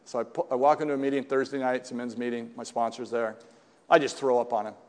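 An older man shares his personal story at a recovery meeting, talking in a loose, conversational way and often tossing in quick asides to the room. His voice sits at an ordinary middle pitch, and the sound carries a long hall reverb. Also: fairly even intonation.

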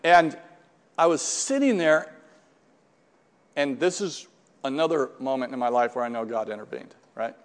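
At a moderate pace with frequent pauses, a middle-aged man of medium pitch recounts his recovery to a live group. The telling wanders, pokes fun at himself, restarts repeatedly and quotes dialogue, echoing with long hall reverb.

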